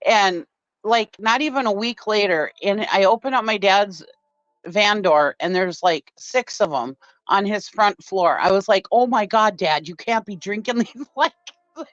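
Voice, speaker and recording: A woman's voice: medium pitch, unhurried, dry recording, highs cut off. A woman hosting a casual livestream chat, telling rambling family stories and laughing often. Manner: chatty storyteller, laughs often. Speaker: host.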